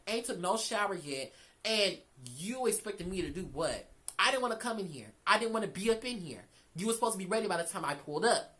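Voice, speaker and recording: A woman's voice: medium pitch, poor audio. A young woman vlogger telling a casual, candid storytime, swearing freely and acting out the dialogue. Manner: candid, profane, animated retelling with quoted dialogue.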